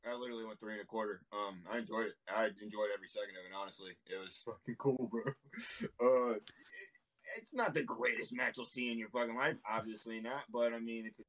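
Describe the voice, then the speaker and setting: A man's voice: on the low side, fairly even intonation, fast talker, a bit bright, low-quality recording. A man in casual chat, laid-back and profane as he tells a story. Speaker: podcast co-host.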